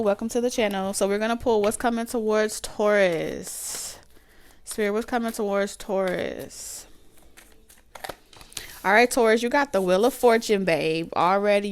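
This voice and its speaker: A woman hosting a live tarot reading stream, greeting viewers by name in a relaxed, chatty way with casual slang. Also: mid-range voice, clean tone.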